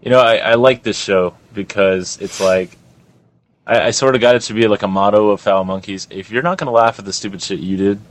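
A man's voice: lowish voice, a little fast. A young adult man hosting a podcast, ranting in a rambling, profane casual chat. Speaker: podcast host.

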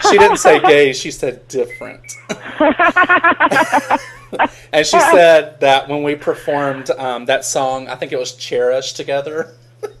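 Lively, laughing male podcast host. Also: fairly high pitch, takes it slowly, long pauses. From Virginia, US. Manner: animated storytelling, laughs often. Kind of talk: casual chat.

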